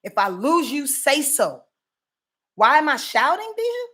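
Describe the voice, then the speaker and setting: A woman astrologer from Yonkers gives a casual, profane weekly forecast and keeps asking viewers if they are following. Her voice sits fairly high and swings through a very animated range. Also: a little slow. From Yonkers, New York.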